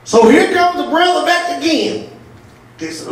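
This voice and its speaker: A woman pastor preaching a sermon, telling stories with laughter and breaking into shouts. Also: high-pitched, expressive, moderate pace. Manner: storytelling with laughter, rising to shouts. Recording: echoey church audio from far off.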